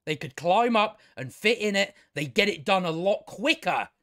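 A man's voice: high voice, expressive, normal speed, pushed and bright, no room sound, studio quality. A man giving a casual, rambling review, exasperated and sarcastic, swearing often and restarting his sentences. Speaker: video reviewer.

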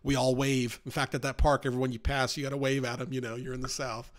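A man's voice: medium pitch, level tone, fast, noisy background. A man gives a casual Bible study. He talks in a chatty way and often checks in with "right?" and "you know?". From New York. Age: 40s.

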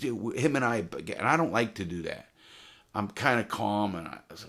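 A man's voice: low voice, normal speed, creaky, fairly bright tone. A middle-aged man telling stories casually to camera, blunt and swearing freely, often restarting his sentences. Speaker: storyteller of his own past. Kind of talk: casual profane storytelling to camera.

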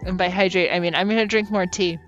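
A woman's voice: on the low side, steady tone, quick pace, dull audio, soft background music. A woman streamer chatting casually and giggling while she practises words over and over. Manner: giggly, playful, repeats words to practise them. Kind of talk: casual chat while studying a language.

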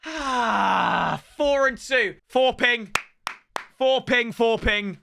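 A young man commentating live on a video game he is playing, excitable, teasing his opponent and breaking into shouts. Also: very high voice, drawn-out words, vocal fry, a little hiss or hum.

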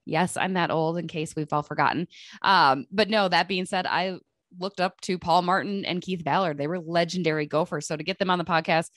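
A woman's voice: lowish voice, steady tone, a little fast, fairly bright tone, no room sound, clean studio sound. A woman co-hosting a sports podcast, introducing clips and asking guests questions in an upbeat, chatty way. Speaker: podcast co-host.

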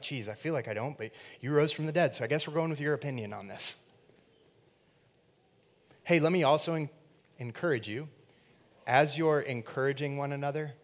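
With a slightly high male voice, this preacher gives his sermon conversationally and with lots of animation. He acts out quoted speakers and alternates between forceful, loud moments and soft, hushed passages.

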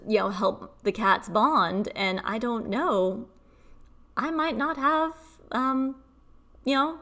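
Young woman, healing-coach vlogger; mid-pitched, creaky edge, conversational with fillers. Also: fairly bright tone. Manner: chatty, lots of fillers. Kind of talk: casual spiritual teaching to camera.

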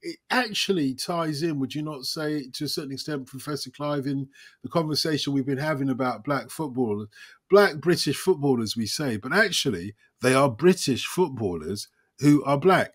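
Animated storytelling male host. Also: medium pitch, moderate pace, husky. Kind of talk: casual chat.

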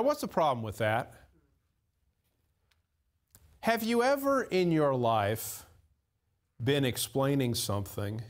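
A man preaching a sermon in church, emphatic and full of rhetorical questions, dropping to low asides and jumping up in pitch to stress key words. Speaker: pastor.

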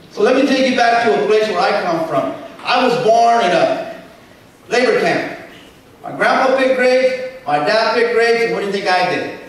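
Animated high-voiced man in an echoing hall. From Southern California. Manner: storytelling, animated, acts out dialogue with a Spanish switch. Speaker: keynote speaker. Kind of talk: motivational keynote speech. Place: large convention hall. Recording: echoey hall from far off, faint noise.

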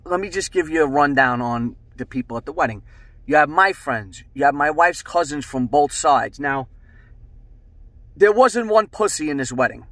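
A middle-aged man hosts and spins a rambling tale, cursing freely and animated in his delivery. His voice sits at an ordinary pitch, dry and close to the mic with no room sound. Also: no room sound. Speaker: host. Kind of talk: casual storytelling.

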